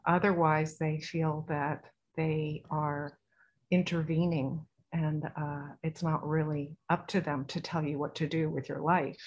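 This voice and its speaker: A woman with a low, level voice speaks unhurriedly as a podcast guest, chatting casually about spiritual matters in a soft-spoken, earnest, rambling way. The audio is dull, with slight background noise.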